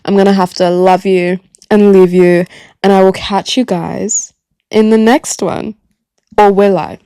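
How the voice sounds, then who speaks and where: A young woman from Gambia hosting her own podcast, chatting casually in a rambling, self-mocking way, her throat sore and voice going hoarse. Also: medium pitch, little pitch movement, unhurried, warm tone, no echo. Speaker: podcast host. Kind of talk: casual solo chat. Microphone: podcast microphone.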